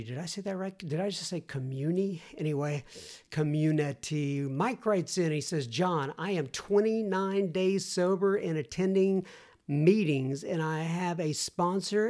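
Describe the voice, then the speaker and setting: A man's voice: high-pitched, darkish tone. A male podcast host reading listener emails aloud, breaking in with folksy, chatty asides. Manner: folksy, chatty asides between read letters.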